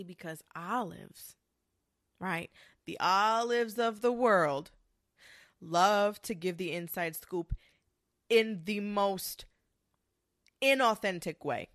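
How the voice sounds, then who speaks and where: A woman's voice: mid-range voice, fairly bright tone, no room sound, clean studio sound. A young adult woman ranting in a sassy, profane monologue, mocking others with quoted voices.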